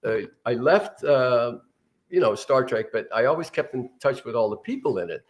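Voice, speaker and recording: A man's voice: mid-range voice, expressive, moderate pace. An older man, a guest actor, telling rambling anecdotes in a casual interview.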